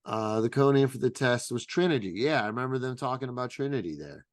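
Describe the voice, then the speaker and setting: A man, a stand-up comedian and podcast co-host, telling casual stories, swearing freely and acting out quotes in a loud, high voice. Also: lively intonation, fast, dry recording, clean studio sound. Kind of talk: casual storytelling chat.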